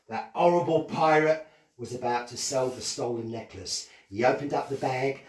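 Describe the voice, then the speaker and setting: A man's voice: mid-range voice, expressive, normal speed, darkish tone, echoey room, far from the mic. A man, a children's entertainer, telling a playful story to kids and asking them questions.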